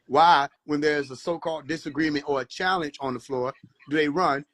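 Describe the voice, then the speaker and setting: A man hosting a casual livestream, talking in an animated, preachy way and mocking people with laughs. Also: fairly high pitch. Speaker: livestream host. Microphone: phone.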